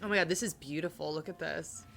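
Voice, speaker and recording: A woman's voice: deep voice, quick pace, vocal fry, fairly bright tone, soft background music. A young woman hosting a casual reaction chat, gushing and emotional, full of "um" and "like". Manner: gushing, emotional, many fillers like "um" and "like". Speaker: host.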